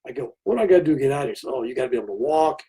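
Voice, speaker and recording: A man's voice: medium pitch, rapid-fire, husky. An older man telling a story as an interview guest, acting out what other people said. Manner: animated storyteller who acts out other people's lines. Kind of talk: storytelling in conversation.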